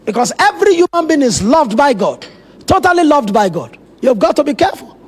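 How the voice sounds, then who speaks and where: A man's voice: extremely high pitch, sing-song, brisk. A man preaching a sermon as pastor, telling Bible stories with dramatic, emphatic asides.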